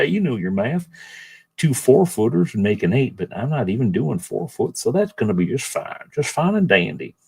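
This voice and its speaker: A folksy Southern workman talks himself through a woodworking job in a chummy, drawling way, as a man puts on a bad Southern US accent. His voice keeps a husky edge. He sounds like someone muttering cheerfully over a saw. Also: lowish voice, full character voice. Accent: put-on Southern US. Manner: drawling, chummy self-talk.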